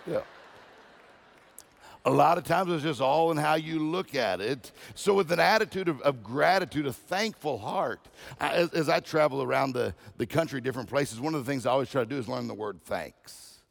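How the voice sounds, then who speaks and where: A man preaches as a visiting speaker, telling jokes and personal anecdotes. His voice sits at a middle pitch with a gravelly edge. He often circles back and repeats key phrases. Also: a little fast, hardly any pauses. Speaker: guest speaker. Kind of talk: humorous sermon storytelling.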